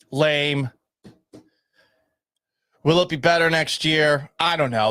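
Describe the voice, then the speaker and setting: A man's voice: a little high, a bit bright, no echo. A man hosting sports talk radio, reading listener texts and giving blunt, sarcastic takes with self-mocking laughs, at a studio microphone. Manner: opinionated, sarcastic, laughs at himself. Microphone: studio microphone at a mixing board.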